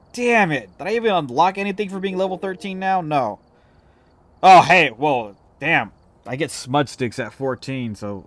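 A man's voice: medium pitch, no echo. A man playing a ghost-hunting video game alone, grumbling and swearing to himself as he plays. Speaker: let's-play gamer. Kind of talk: solo gameplay commentary.

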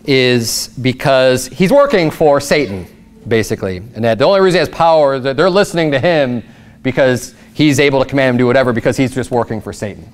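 A man pastor preaching a sermon, reading scripture slowly and explaining it in casual asides, with rhetorical questions that jump up in pitch. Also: animated. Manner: rises sharply in pitch for emphatic rhetorical questions.

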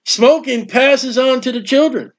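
A man with a high voice preaches a sermon, spinning homely stories and acting out what people say in them. The sound is dull and lo-fi, like an old church tape. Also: a little slow. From United States. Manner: folksy storytelling with acted quotes. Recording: dull lo-fi recording.

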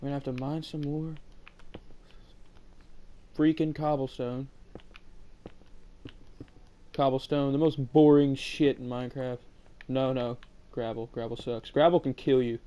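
A man's voice: fairly high pitch, clean tone. A man casually commenting on his own game playthrough, rambling and swearing a lot, with sudden angry outbursts. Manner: profane, rambling, erupts into yelling. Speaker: gameplay commentator. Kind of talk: casual let's-play commentary.

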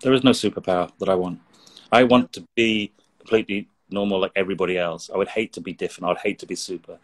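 A man's voice: sits low, steady tone, fast. A middle-aged man from England speaking as an interview guest, earnest and reflective, often repeating words as he searches for them. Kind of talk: interview conversation.

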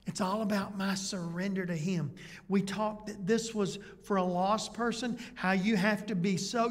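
A man preaching a sermon as pastor in a conversational way, full of rhetorical questions. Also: sits high. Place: church sanctuary. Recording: church hall reverb.

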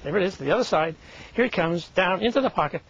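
A man's voice: high-pitched, expressive, fast talker, a bit bright, husky, lo-fi sound. An older man performing comedic magic patter as a magician, a wisecracking, chatty showman.

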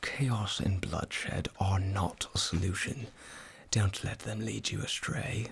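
A man's voice: on the low side, steady tone, slow pace, vocal fry. A man voicing a pompous loyalist clergyman in an Australian accent, as whispered role-play. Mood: preachy. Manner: lecturing, preachy.

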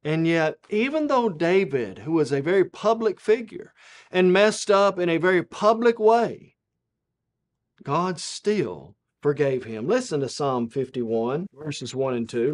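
A man preaching a televised Bible lesson, rising to emphatic peaks and then dropping low and soft, quoting scripture in a measured cadence.

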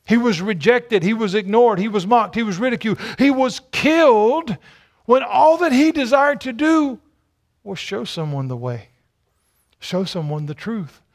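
A man's voice: high-pitched, animated, moderate pace. A male pastor preaching a sermon, emphatic and repetitive, with rhetorical questions and stammered restarts.

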